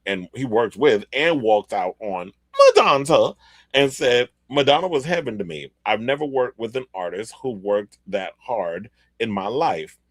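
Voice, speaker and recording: A man with a lowish voice, hosting a pop-culture podcast in a loose, chatty way. He reads excerpts aloud and drops in casual asides. The sound is close and dry, with no room around it. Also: dry recording. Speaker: podcast host.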